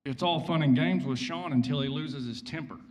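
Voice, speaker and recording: A man's voice: on the high side, brisk, a little mellow. A man giving a humorous eulogy at a memorial. He tells anecdotes in a nervous but joking way. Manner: nervous, joking storyteller who acts out quotes. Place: church hall. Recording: reverberant hall sound.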